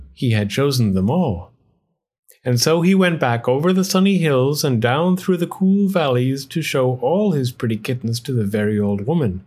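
A man reading a children's picture book aloud in an expressive storytelling manner. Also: medium pitch, slightly rough.

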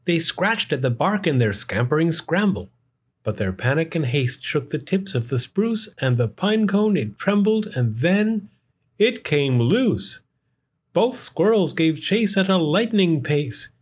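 Man, storybook read-aloud, rhyming, slow, husky, lively melody, fairly high voice. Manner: sing-song, expressive rhyming delivery.

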